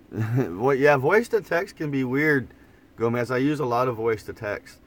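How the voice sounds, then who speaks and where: A man with an Oklahoma twang chatting casually on a morning live stream from inside an old camper van, rambling and easygoing, often restarting his words. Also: medium pitch. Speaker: vlogger. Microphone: phone propped up in front of him.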